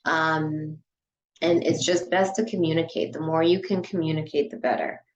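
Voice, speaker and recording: A woman's voice: deep voice, steady tone, moderate pace, muffled recording, slight background noise. A woman who runs a dance studio, talking casually on a podcast and often filling her speech with "you know" and "like". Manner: chatty, frequent "you know" and "like" fillers.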